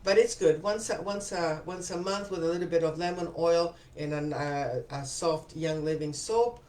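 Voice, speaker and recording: A woman's voice: fairly low pitch, fairly even intonation, moderate pace, a little mellow, roomy sound. A woman hosting a casual live stream, chatty and enthusiastic as she thanks viewers by name and answers their comments. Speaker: live stream host selling essential oils.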